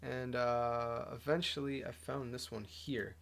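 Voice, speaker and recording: A young man talks casually to his camera, rambling along with plenty of "uh"s and "you know"s. His voice sits at an average pitch with a gravelly, fry-heavy edge. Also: little pitch movement, a little slow, a bit bright. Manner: rambling, lots of fillers and restarts. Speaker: musician vlogger. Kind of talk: casual vlog talk.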